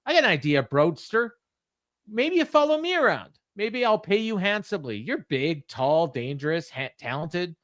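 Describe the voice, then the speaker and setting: A smug, sneering wrestling villain, as a man puts him on barks insults in a raised, nasal-high register. Each line comes out loud and taunting. The sound is dry and close. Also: very animated, moderate pace, dry recording. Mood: mocking. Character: cocky, mocking male wrestling heel on the mic.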